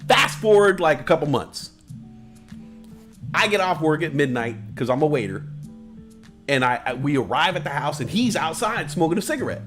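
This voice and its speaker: A high-voiced man telling a story on a live stream. He talks loosely and profanely, with "like" scattered through his sentences, and keeps the tale animated. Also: moderate pace, long pauses, faint music behind. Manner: animated, profane, lots of "like" fillers.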